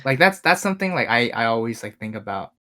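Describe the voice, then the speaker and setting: A man's voice: medium pitch, very animated, quick pace, pushed and bright. A young man co-hosting a podcast, chatting casually and hesitantly, often saying dude. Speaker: podcast co-host. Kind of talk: casual chat.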